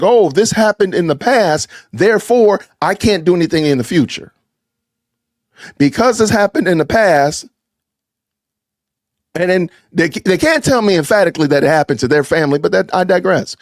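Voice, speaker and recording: A man hosting a podcast, reacting to a sermon clip with sarcastic, animated commentary aimed straight at his listeners. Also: fairly high pitch, no echo, clean studio sound. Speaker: podcast host.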